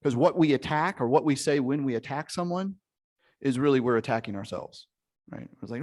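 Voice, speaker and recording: A male relationship coach leading a live online session over a computer mic, energetic and emphatic, checking in often and swearing casually. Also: mid-range voice, fairly quick.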